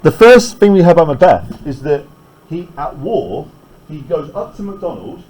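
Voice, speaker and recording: A man's voice: fairly high pitch, big pitch swings, normal speed, darkish tone, slight background noise, low-quality recording. A male teacher lecturing a class in a classroom, explaining step by step and often asking "right?" to check that students follow.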